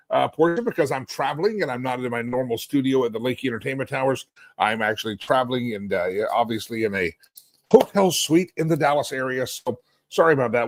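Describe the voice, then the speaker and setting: A middle-aged man hosting a live political talk stream from a hotel suite, sarcastic and animated, rambling and restarting as he goes. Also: medium pitch. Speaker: talk show host.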